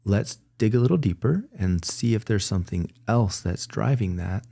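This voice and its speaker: Guy w a low gravelly voice, dark tone, earnest interview guest, keeps restarting himself. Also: animated, moderate pace. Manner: earnest, reflective, with frequent self-corrections and little laughs. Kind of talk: candid conversational interview.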